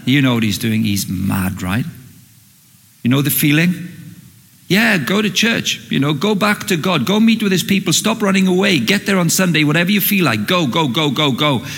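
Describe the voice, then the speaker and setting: A man preaching a sermon in a dramatic way, acting out the scripture with sudden loud and hushed swings. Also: fairly high pitch, expressive, moderate pace, gravelly, breathy edge. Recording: long reverb of a large hall.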